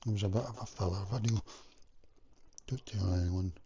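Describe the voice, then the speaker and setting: In his home kitchen, a man from Scotland chats on his vlog while he cooks, wandering off on tangents full of fillers. He has a lowish voice and a moderate pace, and the lo-fi recording picks up background noise.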